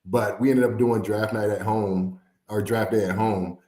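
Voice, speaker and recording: Man, former athlete guest, lowish voice, animated storytelling, roomy echo. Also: unhurried. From Fort Wayne, Indiana. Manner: animated storyteller, acts out quotes, laughs often. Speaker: former NFL player, guest. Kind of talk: storytelling interview. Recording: echoey room.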